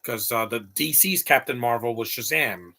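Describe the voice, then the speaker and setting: A man's voice: mid-range voice, moderate pace, creaky, bright, forceful tone. A man in his late thirties giving opinionated, rambling live commentary over a movie, talking back at the screen. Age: late 30s.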